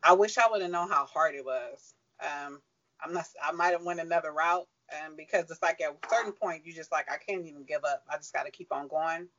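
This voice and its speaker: A woman's voice: low-pitched, brisk, fairly bright tone. A woman being interviewed about running her own business, candid and rambling, with many fillers and quoted self-talk. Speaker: business owner guest. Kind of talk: casual interview answers. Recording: dull lo-fi audio.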